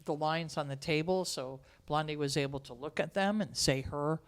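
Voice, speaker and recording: Theatre teacher lady telling backstage stories, lively and chatty. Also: low-pitched, normal speed. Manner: lively anecdotal storyteller. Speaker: theatre educator guest. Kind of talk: casual chat.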